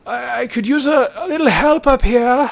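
A man's voice: normal speed, gravelly. A man voicing a male merchant stuck up a tree, calling out and pleading for help. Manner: high, loud, pleading.

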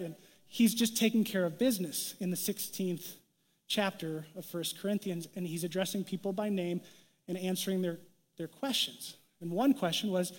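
A young adult man preaches in a light, conversational way, with a fairly high voice. Short bits of quoted dialogue get their own voices, and his words carry a long reverb through a large hall. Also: normal speed. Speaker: pastor. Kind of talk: sermon.

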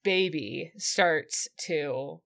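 A podcast co-host with a deep, very slow voice, vocal fry, and a fairly bright tone chats casually and recaps an episode. She laughs a lot, gushes, and trips over her words.

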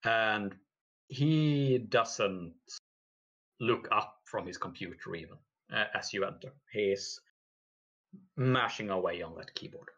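A man runs a tabletop game with slow, hesitant narration full of fillers. His voice sits low but sounds bright and forward. The recording is dull and lo-fi. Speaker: game master.

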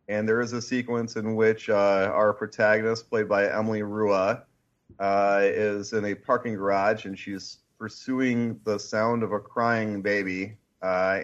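A man co-hosting a casual chat, retelling film scenes with lively, swearing energy. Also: fairly low pitch, lo-fi sound. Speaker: podcast co-host and film reviewer.

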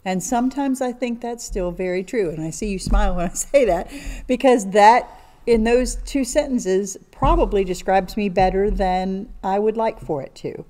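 A woman's voice: mid-range voice, normal speed, warm tone. An older woman co-hosting a casual Bible study chat, earnest and talkative. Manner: chatty, earnest, talks a lot.

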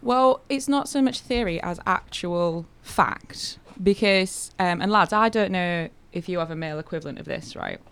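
Brief: woman comedian, smooth and fairly low, chatty radio guest spinning anecdotes. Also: normal speed, few pauses, a bit bright. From Hull, England. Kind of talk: casual radio chat, storytelling.

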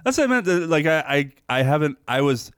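A man's voice: on the high side, sing-song, fast, smooth, no room sound, clean studio sound. A man co-hosting a movie podcast, talking casually and rambling with frequent restarts and laughs. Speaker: podcast co-host.

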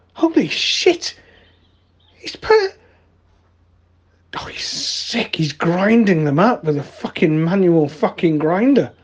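A man's voice: high voice, darkish tone, husky. A man in improvised comic chat, swearing and sounding mock-outraged.

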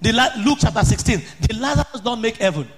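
A man preaching an impassioned sermon, often rising to shouts and sing-song chanting. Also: very high-pitched, animated, fast.

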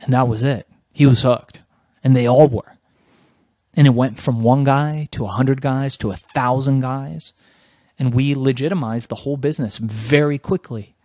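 A man's voice: mid-range voice, moderate pace, a little mellow, dry recording. Man, middle-aged, interview guest, casual storytelling, emphatic, swears freely, dry close recording.

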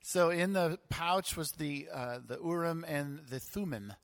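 A male pastor explaining a Bible passage in a relaxed, conversational teaching style with frequent fillers. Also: on the high side, measured pace, gravelly, no echo.

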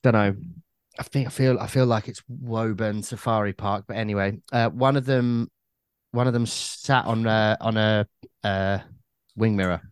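Male podcast co-host, low voice, dry, rambling sweary storyteller. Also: fairly even intonation, normal speed, clean tone, no room sound. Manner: rambling storyteller, swears freely, many restarts. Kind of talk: casual chat.

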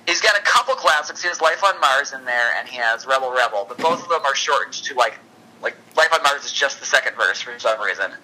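A man's voice: mid-range voice, animated, sharp tone, poor audio. A man co-hosting a podcast in casual chat, rambling and correcting himself as he goes. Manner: rambling, chatty, quick self-corrections. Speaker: podcast co-host.

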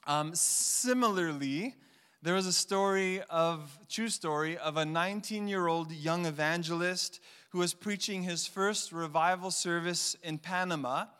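A man's voice: high-pitched, a little slow, smooth. A man preaching a sermon as pastor, telling stories and acting out the voices in them. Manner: animated storyteller acting out voices. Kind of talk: sermon with storytelling. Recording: long hall reverb.

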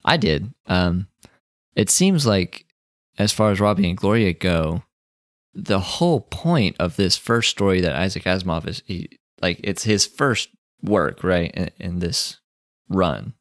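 A man with a very deep voice talks through a story's themes in a casual book chat. His analysis is measured and thoughtful. The recording is dry. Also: expressive, no room sound. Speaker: podcast co-host.

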